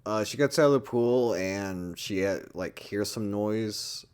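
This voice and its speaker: A man's voice: fairly low pitch, measured pace, darkish tone, clean tone. A man giving a casual, rambling movie review, full of swearing and filler words.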